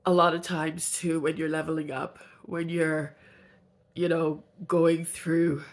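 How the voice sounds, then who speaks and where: Woman vlogger, deep raspy fry, congested from a cold, earnest reflective diary tone. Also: flat delivery, takes it slowly. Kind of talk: video journal.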